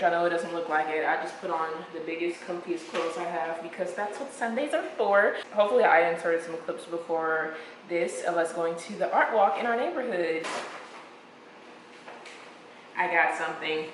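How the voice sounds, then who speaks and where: Relaxed woman in her late twenties vlogging. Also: fairly low pitch. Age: late 20s. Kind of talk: casual vlog narration. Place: her home, indoors. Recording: echoey room with background noise.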